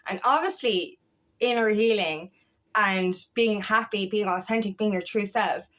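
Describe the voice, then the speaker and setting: A woman's voice: medium pitch, measured pace, a bit bright. A young woman coach giving a fiery motivational talk, swearing often and repeating herself for emphasis. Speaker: empowerment coach. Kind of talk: impassioned motivational monologue.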